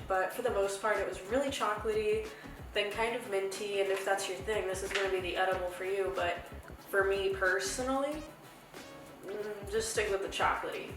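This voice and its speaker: A young woman hosting a casual review vlog, chatty, rambling and playful. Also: mid-range voice. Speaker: host reviewing edibles. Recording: echoey room from far off with music.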